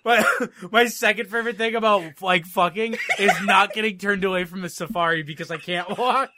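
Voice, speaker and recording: A man's voice: high voice, steady tone, moderate pace, background noise. A man co-hosting a podcast, chatting casually and laughing often as he retells scenes from a TV episode in mock quotes. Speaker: podcast co-host. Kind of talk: casual chat recapping a TV episode.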